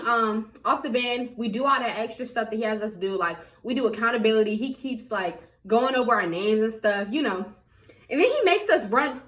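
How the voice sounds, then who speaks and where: In a chatty vlog, a young woman speaks right to her viewers as she tells a story, her voice high, fairly bright, and ranging all over. Frequent laughter and a steady stream of y'alls run through it.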